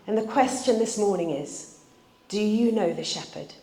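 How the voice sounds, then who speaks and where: A woman preaching a sermon in a church, telling stories in an earnest way and slowing down to read scripture. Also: medium pitch, a little mellow. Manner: earnest, storytelling, slows for scripture reading. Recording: echoey church room.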